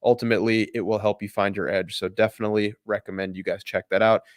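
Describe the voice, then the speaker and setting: Man, livestream host, upbeat promo pitch, lowish voice, dry close sound. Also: little pitch movement, fast, no echo. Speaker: show host. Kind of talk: livestream sign-off and channel promo.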